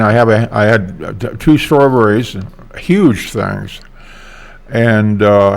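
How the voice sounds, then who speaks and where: Gravelly older man rambling on. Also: lowish voice. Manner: hesitant, meandering with many fillers. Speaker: vlogger. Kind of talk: casual rambling monologue.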